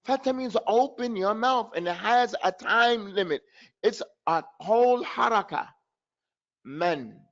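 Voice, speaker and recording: A man teaching Quran pronunciation in an online class, slowly demonstrating sounds and repeating syllables for his students. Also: sits high, a bit bright, muffled recording. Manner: chuckles at his own trick questions.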